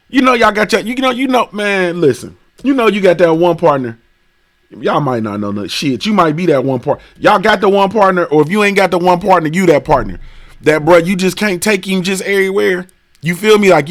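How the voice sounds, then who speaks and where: This livestream sports talk host is a man with a high, slightly bright voice. He hosts a casual boxing talk stream, rambling and swearing, packed with heavy slang and constant "bro" and "you feel me."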